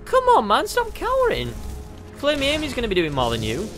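A man giving excitable let's play commentary, yelping and tossing out goofy exclamations. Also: very high voice, fairly quick, soft background music. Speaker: gamer.

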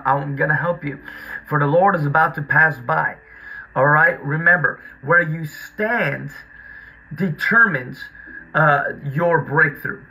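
Male preacher, livestream sermon, fairly high and very bright voice, repetitive call-and-response delivery. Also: creaky, low-quality recording.

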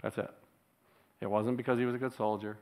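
A man preaching a casual, storytelling sermon to a church congregation, chuckling often and getting animated when he quotes other people. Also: mid-range voice, fairly quick. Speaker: pastor.

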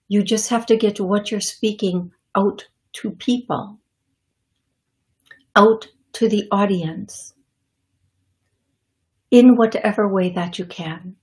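A woman's voice: medium pitch, darkish tone, lightly acted. A woman putting on ascended spirit beings who speak through her as a medium, with a solemn, unplaced old-sounding accent. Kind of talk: channeled spiritual message.

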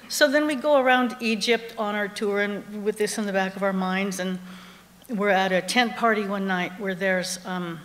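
A woman's voice: medium pitch, fairly even intonation, fairly quick, sharp tone. A woman telling a true story on stage to a live audience, conversational and wry, laughing along as she goes. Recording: long hall reverb from a live theater.

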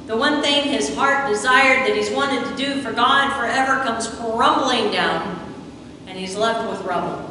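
High-voiced woman preaching in an echoing hall. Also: unhurried, sharp tone, a little hiss or hum. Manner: storytelling, acts out quoted lines. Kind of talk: sermon. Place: church sanctuary. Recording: echoey hall from far off.

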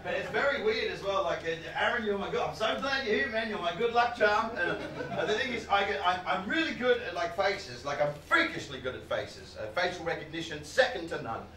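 A man doing a stand-up comedy set, ranting loudly and swearing as he mocks people, recorded live in a comedy club. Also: high voice, lively intonation, fairly quick, few pauses, a little hiss or hum. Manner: loud, sweary, mocking rants. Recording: roomy, distant live-room recording. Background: audience laughter.

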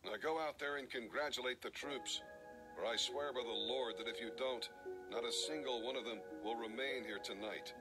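A man's voice: medium pitch, normal speed, over loud music, lightly acted, poor audio. A man reading the lines of a blunt, stern army commander. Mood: scolding.

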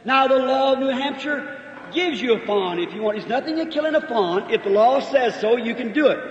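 High-voiced preacher in a distant echoing hall. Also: male voice, expressive, brisk, slight background noise. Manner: earnest folksy storytelling, emotional emphasis. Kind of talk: storytelling sermon. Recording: echoey old hall recording from far off, dull.

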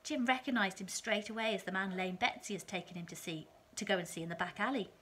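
A woman reading a children's novel aloud in a calm, steady storytelling manner. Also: medium pitch, fast, a little hiss or hum.

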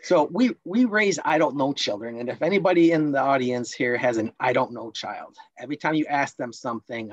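A man presenting a parenting workshop online, explaining points and acting out scolding parents in quick role-plays. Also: mid-range voice, no room sound, dull audio.

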